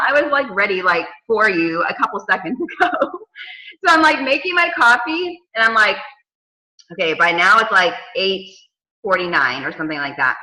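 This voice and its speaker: A bright-voiced woman in her thirties chats to her team on a casual call, spinning stories with dramatic quoted asides. Her voice sits a little high and rings in an echoey room. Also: expressive, brisk. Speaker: team coach.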